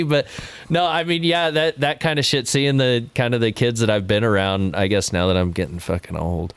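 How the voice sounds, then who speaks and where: A man's voice: lowish voice, lively intonation, normal speed, hardly any pauses, clear, resonant tone, dry recording. A man co-hosting a podcast in casual chat, telling stories with lots of swearing and laughter and acting out what people said. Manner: laughing, swearing storyteller who acts out quotes. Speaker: podcast co-host.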